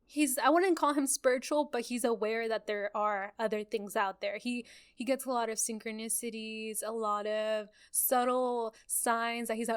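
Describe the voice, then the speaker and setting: A woman chats on a podcast, her voice pitched a little high and very smooth and clear. She tells stories in an animated way, acting out what people said and laughing often. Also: moderate pace. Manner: animated storyteller, acts out quotes, laughs often. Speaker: podcast co-host. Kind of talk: casual podcast chat.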